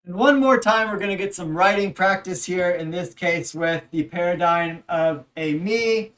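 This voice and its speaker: A language instructor giving a recorded lecture, patiently explaining and leading repeat-after-me drills with frequent pauses and fillers. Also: mid-range voice, fairly bright tone, far from the mic.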